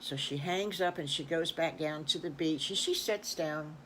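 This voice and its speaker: An older woman telling an improvised children's story in a folksy, rambling, animated way. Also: deep voice, moderate pace, slight background noise, rough recording. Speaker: storyteller grandmother.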